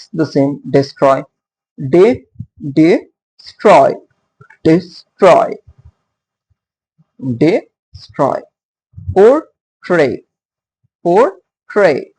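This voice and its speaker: A man teaching poetry meter in a lecture, speaking haltingly with many fillers and frequent "okay" checks, and sounding out stress patterns aloud. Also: fairly high pitch, mellow, husky, poor audio. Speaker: literature teacher. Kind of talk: explanatory lecture.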